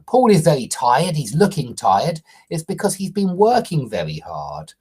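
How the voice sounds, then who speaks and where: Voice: medium pitch, huge pitch swings, moderate pace, darkish tone, slightly rough. An English grammar teacher explaining a tense step by step, stressing key points and often checking in with "okay?" or "yeah?".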